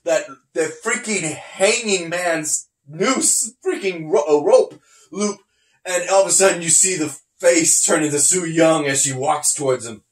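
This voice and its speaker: A man's voice: a little high, unhurried, roomy sound. A man hosting a podcast, chatting casually about wrestling, laughing often and acting out scenes as he retells them. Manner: laughs often, animated retelling with acted-out quotes. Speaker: podcast host. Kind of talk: casual wrestling review chat.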